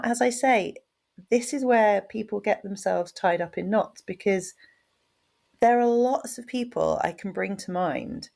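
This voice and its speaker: Frank, gravelly-voiced woman podcaster. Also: mid-range voice, darkish tone. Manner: frank and chatty, swears casually. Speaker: podcast host. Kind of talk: solo podcast monologue.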